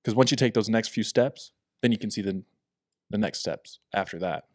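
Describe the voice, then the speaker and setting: Young male podcast co-host, lowish voice, loose rambling delivery, dry close sound. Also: normal speed, dry recording. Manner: relaxed, rambling with many fillers. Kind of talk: casual chat.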